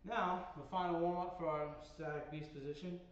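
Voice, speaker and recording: A man's voice: a little high, steady tone, normal speed. A man leading a workout who counts out holds and coaches while he exercises, and is a little out of breath. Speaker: fitness instructor. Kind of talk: guided workout instruction. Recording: echoey, distant, dull, faint noise.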